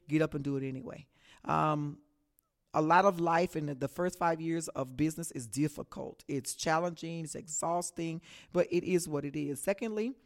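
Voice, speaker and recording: A woman from Texas with a Texan accent, hosting a solo radio talk show as an upbeat pep talk, saying "y'all" and "baby". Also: deep voice.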